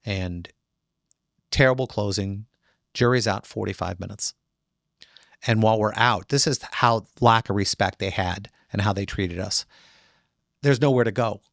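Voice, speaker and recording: Middle-aged man, trial lawyer, gravelly low voice, animated storyteller, dry close mic. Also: unhurried, pauses often, no room sound. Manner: animated, acts out other voices in quotes. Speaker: trial attorney telling a story. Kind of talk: casual storytelling interview.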